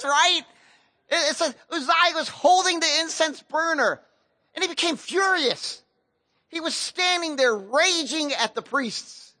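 A man pastor retelling a scripture story in relaxed, slangy speech, with a high and bright voice. He speaks with lively, animated emphasis. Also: no echo. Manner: casual slang-laced preaching, animated storytelling. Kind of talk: sermon.

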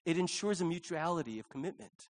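A male pastor preaching a sermon in an earnest way, dropping to a hush and then rising loud. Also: fairly high pitch, lively intonation, fast talker. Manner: earnest, swings from hushed to loud.

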